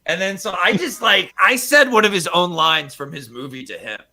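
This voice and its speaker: A man's voice: high-pitched, moderate pace. A man chatting casually on a podcast, telling stories with lots of laughter. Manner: animated storyteller, laughs often.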